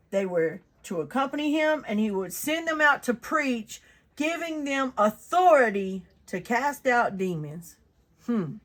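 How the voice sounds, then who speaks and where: A woman, reading the Bible aloud and reflecting on it in a chatty, earnest way with many fillers. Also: a little high.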